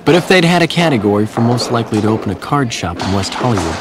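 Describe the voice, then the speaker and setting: An actor plays a reserved teenage boy narrating in a dry, reflective tone. His pitch sits mid-range over a clear background noise. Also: very animated, fast, natural voice. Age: teens. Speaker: narrator and high school student.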